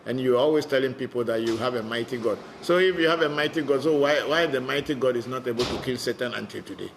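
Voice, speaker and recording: Gravelly-voiced blunt male spiritual teacher. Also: mid-range voice, fast, background noise. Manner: blunt, straightforward, repeats words. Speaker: spiritual teacher answering viewer questions. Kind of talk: live online Q&A session.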